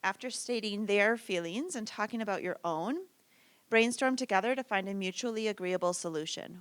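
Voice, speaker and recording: A woman's voice: medium pitch, moderate pace, clean tone, no echo. A woman presenting a parenting workshop in a conversational manner, often asking "right?" and acting out short lines from parents and children. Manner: conversational, frequent "right?" tag questions.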